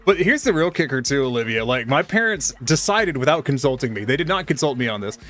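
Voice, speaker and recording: A man's voice: medium pitch, sing-song, fast talker, fairly bright tone, soft background music. A middle-aged man streaming a game, chatting with viewers and ranting with heavy swearing. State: undergoing chemo. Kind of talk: casual gaming stream chat.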